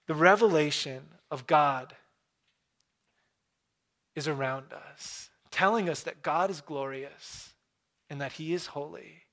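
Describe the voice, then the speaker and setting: A pastor preaching a sermon in a church, earnest, dropping into hushed pauses for effect. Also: male voice, a little high. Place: church room.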